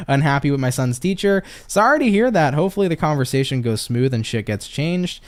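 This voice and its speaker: A man's voice: a little high, expressive, normal speed. A man from the United States reading tarot on a casual live stream, upbeat and chatty, swearing freely and cheering viewers on while reading out their comments. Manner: upbeat, swears freely, pep-talk catchphrases.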